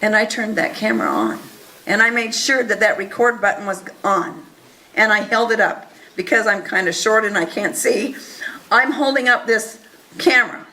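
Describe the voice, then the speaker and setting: A woman telling an audience a first-person story in an earnest, animated way, acting out the dialogue. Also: medium pitch, moderate pace, poor audio. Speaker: speaker recounting events to an audience.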